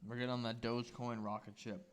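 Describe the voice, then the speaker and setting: A man's voice: mid-range voice, level tone, fast, slight background noise. A young man co-hosting a casual podcast, rowdy and swearing as he cheers the others on. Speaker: podcast co-host. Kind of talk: casual chat.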